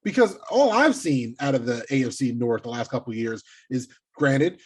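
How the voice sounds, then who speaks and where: A man co-hosting a casual sports podcast, teasing and animated, who swears casually. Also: medium pitch, normal speed, slightly rough. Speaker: podcast co-host.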